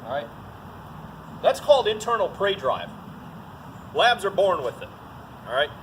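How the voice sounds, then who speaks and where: A man demonstrating dog training outdoors, explaining drills and giving short commands and praise to his dog. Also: a little slow. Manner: instructive, breaks into high excited praise for the dog. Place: outdoors in a field. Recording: noisy outdoor recording.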